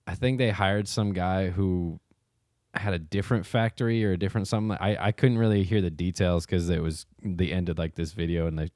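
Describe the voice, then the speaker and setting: A man co-hosting a casual podcast rambles through stories, laughing often and swearing offhandedly. His voice sits very low. The recording is dry and close. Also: fairly even intonation, brisk, darkish tone, no room sound. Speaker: podcast co-host. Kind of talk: casual chat.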